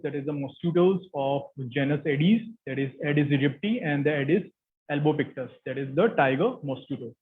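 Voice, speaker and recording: A man with an Indian English accent giving an academic lecture as guest speaker, explaining steadily with frequent fillers. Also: fairly high pitch. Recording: tinny phone-like line.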